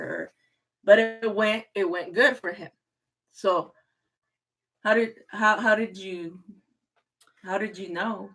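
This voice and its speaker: A bright, sharp-toned woman in her forties hosts a casual live stream. She teases and scolds her husband playfully and laughs often. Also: mid-range voice, steady tone, a little slow, long pauses, low-quality recording. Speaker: host interviewing her husband. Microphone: phone or computer mic for a live stream.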